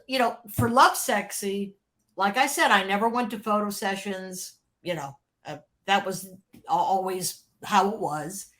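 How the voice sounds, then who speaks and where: An older woman recalling her years in album design, telling anecdotes in a lively, animated way and laughing often. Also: medium pitch. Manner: animated, laughs often, acts out quoted voices. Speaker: interview guest, former record label creative director. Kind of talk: casual storytelling.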